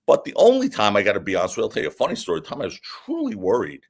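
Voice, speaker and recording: A man, a defense attorney, telling a story as a guest in a casual interview, in an animated, lively way. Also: medium pitch, racing, gravelly, husky.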